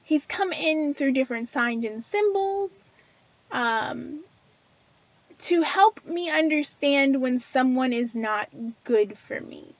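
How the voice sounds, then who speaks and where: A woman's voice: sits high, dry recording, muffled recording. A woman hosting a casual spiritual talk to her viewers, chatty and earnest, with frequent fillers and restarts. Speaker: spiritual video host.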